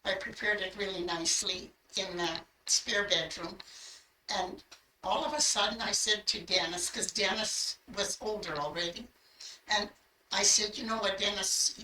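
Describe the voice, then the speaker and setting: A woman's voice: medium pitch, fairly even intonation, unhurried, pushed and bright, a little hiss or hum. An older woman telling her life story in earnest, acting out the words she remembers saying. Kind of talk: personal storytelling. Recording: echoey room, voice from a distance.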